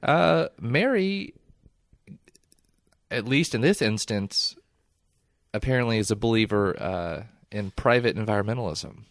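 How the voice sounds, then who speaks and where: A man co-hosting a podcast in casual chat, animated and laughing often, trailing off mid-sentence. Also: fairly low pitch, a little slow, long pauses, no echo, studio quality. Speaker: podcast co-host.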